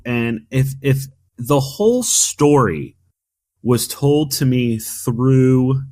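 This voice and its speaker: With an expressive, mid-range voice and drawn-out words, a man co-hosting a casual gaming podcast argues his opinions firmly, rambling and restarting often.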